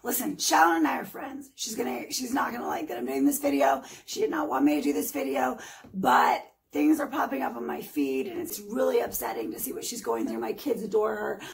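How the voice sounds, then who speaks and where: A woman in her forties with a high voice that keeps dropping into a gravelly fry. She rants on her own vlog in an emphatic, sarcastic way, talking straight at her critics. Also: big pitch swings, brisk, rough recording. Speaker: vlogger. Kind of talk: heated casual vlog rant.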